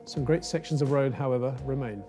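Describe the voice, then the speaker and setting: A man's voice: medium pitch, fairly quick, mellow, soft background music. A man presenting the show, narrating history and chatting admiringly with his guest.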